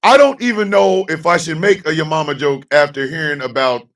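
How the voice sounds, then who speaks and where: A man hosting a livestream morning show, joking in animated bursts, repeating and restarting words, and sometimes shouting. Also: a little high, brisk, distant mic.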